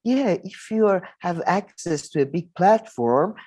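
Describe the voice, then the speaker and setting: A man's voice: high-pitched, expressive, unhurried, darkish tone. Rambling, heated male co-host. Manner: heated, rambling with many fillers and swearing. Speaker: podcast co-host. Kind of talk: casual political debate chat.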